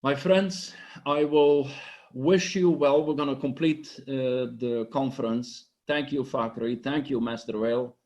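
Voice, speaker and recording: A man giving an impassioned, blunt motivational pitch to an online group, swearing freely and sounding emotional. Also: steady tone, unhurried, darkish tone. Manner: intense, blunt, swearing, preachy. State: emotional, sniffling. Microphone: online conference microphone.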